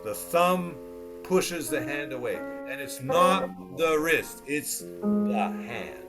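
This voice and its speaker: A male piano teacher on a video call, his voice sitting a touch high. He drives points home by repeating short cues over and over, with piano playing clearly behind him. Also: expressive, takes it slowly. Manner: emphatic, repeats short cues while demonstrating. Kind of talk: one-on-one instruction.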